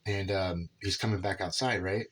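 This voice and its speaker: A man tells a personal story in a loose, rambling monologue, tossing in "right?" and "dude" constantly. His voice sits low and has a husky, slightly rough grain. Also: steady tone, normal speed, a bit bright. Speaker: father telling a personal story.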